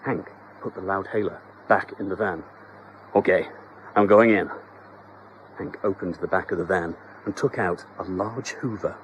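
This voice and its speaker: A man narrating a children's story in a scripted, expressive, comic storytelling manner. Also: sits low, moderate pace, slight background noise, low-quality recording.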